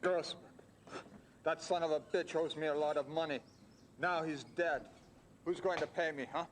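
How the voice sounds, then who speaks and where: An actor playing a grumpy, hostile man who is owed money, speaking gruffly and curtly in a game recording with faint noise. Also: fairly high pitch, fairly even intonation, moderate pace, natural voice.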